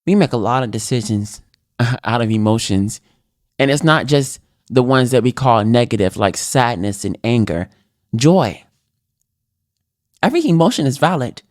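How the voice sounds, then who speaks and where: A man hosting his own podcast, giving an earnest, reflective solo motivational talk with lively pitch swings. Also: normal speed, long pauses, no echo, clean studio sound. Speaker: podcast host.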